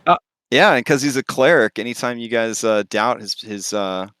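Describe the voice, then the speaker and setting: A man's voice: medium pitch, lively intonation, moderate pace, a bit bright, smooth. A man running a tabletop game as game master, talking casually and laughing between lines.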